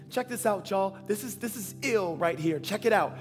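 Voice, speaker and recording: High-voiced man preaching in slang. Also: normal speed. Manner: slangy, animated, bursts of shouting. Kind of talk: sermon. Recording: long hall reverb, faint music.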